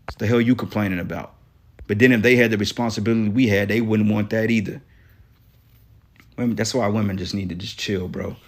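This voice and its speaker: A man with a somewhat low voice reads scripture slowly and deliberately, leaning on single words. Between passages he turns blunt and profane, tagging his sentences with a quick "okay" or "man.". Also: fairly even intonation. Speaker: scripture teacher. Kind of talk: reading scripture aloud with heated commentary.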